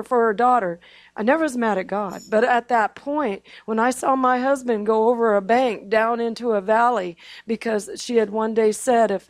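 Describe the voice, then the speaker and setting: Casting: high-voiced middle-aged woman preacher, emphatic testimony, dry close sound. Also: dry recording. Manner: emphatic, calls for amens. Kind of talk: testimony sermon.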